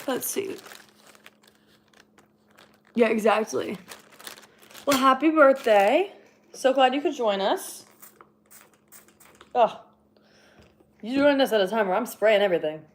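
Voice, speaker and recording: A woman's voice: medium pitch, darkish tone. A young woman chatting casually on a livestream while cleaning her horn, rambling with lots of fillers and laughing now and then, a little out of breath. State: slightly out of breath.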